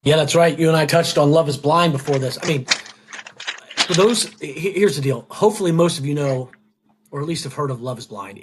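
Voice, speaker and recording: A man's voice: fairly high pitch, a little hiss or hum. A man co-hosting a podcast, teasing dryly and talking up what comes next. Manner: dry teasing, upbeat promo talk. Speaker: podcast co-host. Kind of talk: casual podcast banter.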